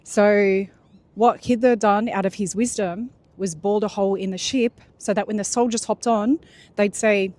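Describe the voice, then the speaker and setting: A woman's voice: medium pitch, fairly even intonation, measured pace, a little mellow. A woman casually retelling a religious story in a loose, chatty way, full of fillers and restarts.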